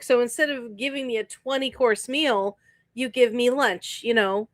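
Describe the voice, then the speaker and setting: A woman co-hosting a podcast in casual chat, relaxed and rambling. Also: a little high, moderate pace, no room sound. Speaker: podcast co-host.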